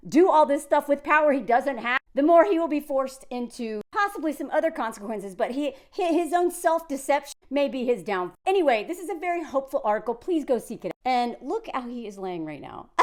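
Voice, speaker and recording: A woman's voice: high-pitched, expressive, a little fast, hardly any pauses. A woman in her forties from the South, giving chatty, emphatic commentary that wanders between points. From Southern United States. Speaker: video creator. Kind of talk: casual talking-head commentary.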